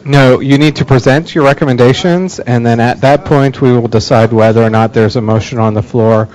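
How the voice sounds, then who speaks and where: A man's voice: mid-range voice, fairly even intonation, a little fast, darkish tone, rough recording. A man chairing a committee meeting, handing the floor over with brief procedural remarks.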